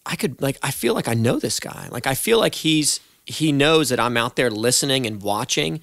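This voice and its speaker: A man's voice: mid-range voice, lively intonation, normal speed, vocal fry, a bit bright, dry recording, studio quality. A young man hosting a casual interview, asking rambling questions in an earnest, affirming way. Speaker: podcast host.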